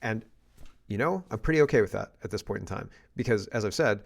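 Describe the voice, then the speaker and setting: A man's voice: fairly low pitch, lively intonation, a little fast, gravelly. A man from Canada giving a casual political rant, blunt and exasperated, with frequent restarts and sighs. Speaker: political commentator.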